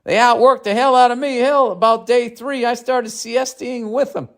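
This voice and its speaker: A man voicing a gruff, folksy Southern carpenter boss with a put-on Southern accent and a drawling, exasperated manner. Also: extremely high pitch, fairly even intonation, moderate pace, a bit bright, pitched above the performer's own voice, heavily acted.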